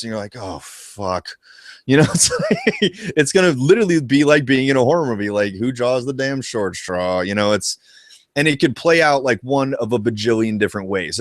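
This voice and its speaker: An excitable man in a casual live gaming chat, swearing freely and getting worked up. His voice sits at an ordinary middle pitch. The sound is dry and close, with no room echo. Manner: excitable, profane, animated. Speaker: co-host of a retro gaming show.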